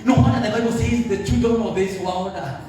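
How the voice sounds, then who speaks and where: A man with a Kenyan accent preaching a sermon as pastor, lively and animated, dropping into Swahili phrases. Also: high voice, fairly quick. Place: church. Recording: echoey church hall, voice from a distance, faint music.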